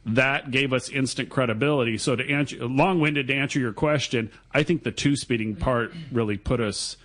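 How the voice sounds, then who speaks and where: A man guesting on a radio talk show, recounting a story at length in a relaxed, chatty way. His voice sits at an ordinary middle pitch, and he rambles through the tale with loose asides. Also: normal speed. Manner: chatty, long-winded storytelling. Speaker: guest reel builder. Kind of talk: casual radio interview.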